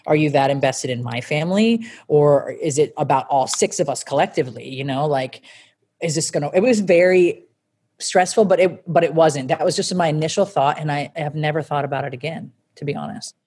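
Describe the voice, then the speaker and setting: A woman's voice: deep voice, brisk, a little mellow, breathy edge. Blunt, swearing woman telling her story. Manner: blunt and emphatic, swears freely. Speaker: guest. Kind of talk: candid interview storytelling.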